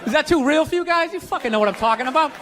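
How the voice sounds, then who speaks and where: A man doing a stand-up comedy routine on a theater stage, ranting loudly and acting out voices of other people. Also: very high-pitched, animated, rapid-fire, background noise. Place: theater stage before a live audience. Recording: live theater recording with crowd laughter.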